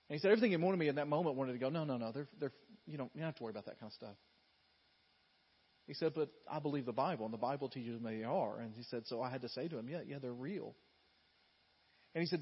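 Husky-voiced guy preaching, big loud pushes then drops real quiet to tell a story, kinda dull lo-fi sound. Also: medium pitch, fairly quick. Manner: swings from loud emphatic bursts to quiet intimate storytelling. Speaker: pastor. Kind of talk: sermon.

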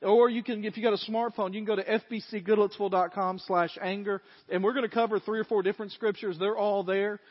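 A man's voice: high-pitched, fairly even intonation, fast talker, hardly any pauses, in a large hall, lo-fi sound. A male pastor preaching a sermon to his congregation in a folksy, conversational way, with asides to the listeners. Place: church sanctuary.

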